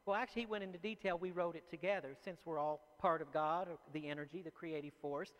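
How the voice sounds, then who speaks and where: A man, an author, speaking to a live audience as an animated and chatty storyteller. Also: high voice, a little fast, big-room sound, low-quality recording. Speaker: author giving a talk.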